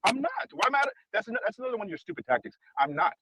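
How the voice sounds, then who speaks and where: A man's voice: high voice, very animated, rapid-fire, background noise. A man in a heated livestream argument, hurling insults and repeating the same questions. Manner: aggressive, shouting insults, repeating himself. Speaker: livestream panel guest.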